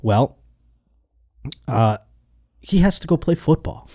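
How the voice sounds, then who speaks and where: Male comedy podcast host, mellow tone, dry close mic, rambling and crude. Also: medium pitch, lively intonation, slow, no echo. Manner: crude, rambling, mocking put-on quotes. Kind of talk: casual comedic podcast banter.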